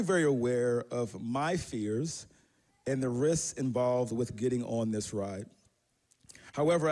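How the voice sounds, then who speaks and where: A pastor with a medium-pitched, somewhat mellow voice shares a personal story during his sermon in a conversational, self-deprecating style full of fillers and false starts.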